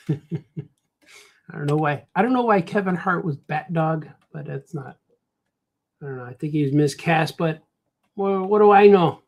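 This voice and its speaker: A man's voice: a little high, a little slow, pauses often. Man, Chicago accent, casual drawing stream, rambling self-talk, says "man" often. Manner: rambling, talks to himself, says "man" a lot. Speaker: cartoonist streaming while drawing. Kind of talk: casual livestream chat while drawing.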